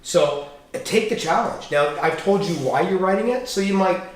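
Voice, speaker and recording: This high-pitched male guest speaks at a moderate pace in a candid storytelling interview on a podcast. Lively and profane, he performs the quoted lines himself. Sound comes from a distant mic in an echoing room.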